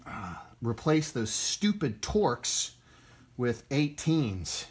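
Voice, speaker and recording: A man's voice: medium pitch, sing-song, very slow, husky. A man hosting a do-it-yourself car repair video, narrating casually and chatting to himself with jokey asides as he works in a garage. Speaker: DIY car repair host. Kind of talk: casual how-to narration while working.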